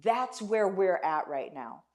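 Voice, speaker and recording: A woman's voice: fairly low pitch, big pitch swings, slow pace, a little mellow. A woman hosts a live video for her followers, her voice tearful and a little shaky. She speaks from the heart and repeats key phrases with a preacher's emphasis. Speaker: online business coach and livestream host. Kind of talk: emotional live video talk to viewers.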